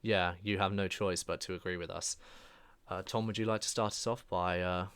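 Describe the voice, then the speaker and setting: A man's voice: sits low, fairly even intonation, moderate pace, a bit bright, clear, resonant tone, no room sound. A man hosting a music podcast in casual chat, joking dryly and hesitating often with "uh". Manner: dry jokey asides, frequent "uh" hesitations. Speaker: podcast host.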